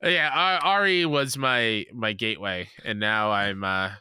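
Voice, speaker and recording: A man co-hosting a casual gaming podcast, enthusiastic and quick to laugh. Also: lowish voice, sharp tone, smooth, no room sound, studio quality. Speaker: podcast co-host.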